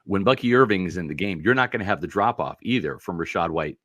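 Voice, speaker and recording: Deep, lively man chatting sports. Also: quick pace, no room sound, clean studio sound. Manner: lively, agreeable, chimes in often. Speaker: sports talk guest. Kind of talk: casual sports chat.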